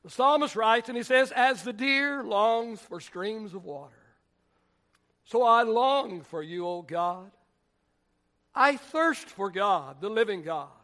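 A male pastor preaching a sermon in a church, reading scripture and praying in a deliberate, emphatic way that swells at times into shouts. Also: high voice, lively intonation. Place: church sanctuary.

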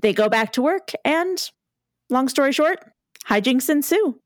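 A woman's voice: high-pitched, expressive, unhurried, dry recording, clean studio sound. A young woman co-hosting a casual podcast, chatting in a giggly, self-deprecating way. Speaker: podcast co-host.

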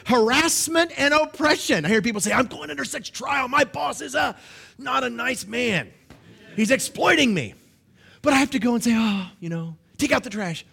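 Man, middle-aged pastor, sermon, high voice, lively swinging pitch, jokey, acts out quotes.

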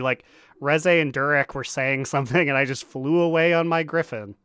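Male podcast co-host, animated retelling, clean dry close-mic tone. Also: a little high, moderate pace, smooth, no echo. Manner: animated storytelling, acting out characters' lines. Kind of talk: casual gaming podcast chat.

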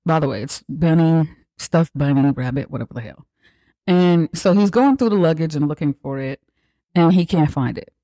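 A podcast host recapping a film in a loose, profane, storytelling way, dropping into quick voices for the characters. The voice is mellow and warm, and it sits close and dry with no room sound around it. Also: mid-range voice, lively intonation, no room sound. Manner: acts out characters' lines mid-story.

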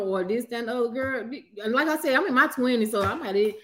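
A middle-aged woman talks on a podcast in an easy, laid-back way, dropping fillers and quoted asides as she goes. She keeps a relaxed, conversational flow. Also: on the high side, fairly quick, hardly any pauses. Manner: laid-back, many fillers and agreeing murmurs. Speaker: co-host. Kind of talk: casual podcast chat.

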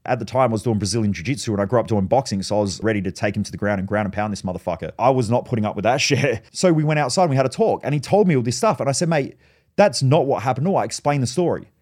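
A man's voice: mid-range voice, lively intonation, fast talker, a little mellow. A man hosting a solo podcast, telling stories in a blunt, profane way. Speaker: podcast host.

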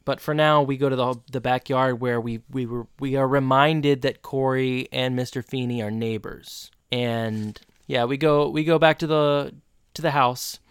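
Male podcast co-host in his own easygoing voice. Smooth, clean tone, close and dry, with mid pitch. Rambles as he recaps. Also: fairly even intonation, moderate pace, no room sound. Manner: rambling, restarts sentences while retelling scenes. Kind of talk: casual episode recap chat.

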